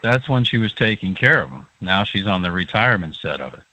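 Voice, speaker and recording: Lecturing low-voiced man on dull line. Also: sing-song, a little fast, pushed and bright, no echo. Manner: lecturing, repeats "okay". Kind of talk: casual radio talk.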